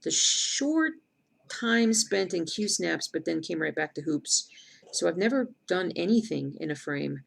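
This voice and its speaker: A woman's voice: on the low side, animated, a little slow, gravelly, breathy edge. A middle-aged woman chatting casually on a live stream, rambling and answering viewer comments aloud as she works. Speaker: cross-stitch streamer.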